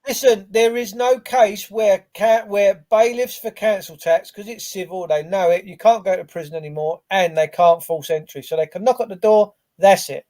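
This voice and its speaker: A high-pitched man cuts into the conversation with firm, lecturing points. He backs up his co-host with quick, emphatic agreement in between. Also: a little mellow. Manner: assertive, lecturing, quick affirmations. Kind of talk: casual chat.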